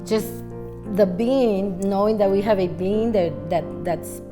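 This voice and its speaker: A middle-aged woman, a mother of three, speaking in casual reflective chat, softly and haltingly, repeating words as she searches for them. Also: mid-range voice, music in the background. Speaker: guest, wife and mother of three.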